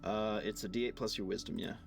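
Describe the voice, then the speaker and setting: A young man running a live tabletop game as game master, talking loosely with lots of pauses and fillers. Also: fairly low pitch, fairly even intonation, creaky. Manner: loose and hesitant, many fillers.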